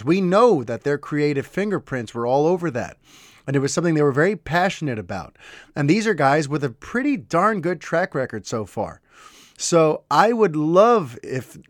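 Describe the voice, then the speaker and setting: A man's voice: a little high, no room sound, clean studio sound. A man hosting a podcast, giving casual, enthusiastic commentary, chatty with fillers and restarts. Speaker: podcast host.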